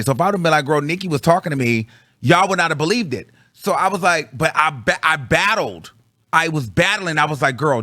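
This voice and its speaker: A man telling a story to his viewers in slangy, casual chat, swinging from low mutters to high excited bursts. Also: dry recording, studio quality. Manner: slangy, calls the audience girl. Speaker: vlogger reviewing a concert.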